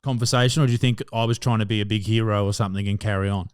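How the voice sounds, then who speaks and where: A man's voice: lowish voice, fairly even intonation, very fast, smooth. A man with an Australian accent hosting a podcast, teasing his guest with crude jokes in casual banter. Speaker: podcast host.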